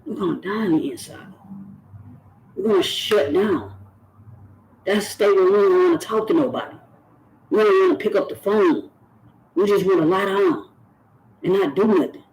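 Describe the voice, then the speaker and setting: Earnest high-voiced man preaching to camera. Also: lively intonation, normal speed, pauses often, a little mellow, poor audio. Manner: earnest and preachy, repeats phrases for emphasis. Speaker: YouTube channel host. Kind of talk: direct-to-camera talk.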